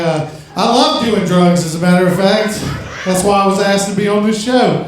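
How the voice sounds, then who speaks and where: A man from Louisiana doing a stand-up comedy set, rambling through stories that build into shouted rants. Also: high-pitched. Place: comedy club stage. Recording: echoey club from far off mic.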